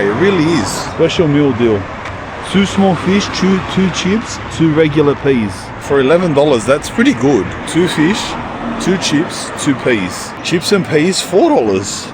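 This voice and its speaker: A man vlogging casually outdoors in a cold town, chatting in slang and calling people bro. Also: medium pitch. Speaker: YouTuber and rapper. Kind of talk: casual travel vlog talk. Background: street and traffic sounds.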